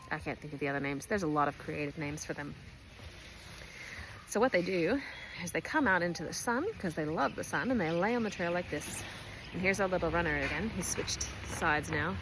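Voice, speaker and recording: A woman's voice: fairly low pitch, animated, a little fast, long pauses, noisy background. A woman, a race organiser giving a chatty, playful briefing, recorded at a distillery pizzeria. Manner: chatty, playful, self-mocking. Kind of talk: casual race briefing video.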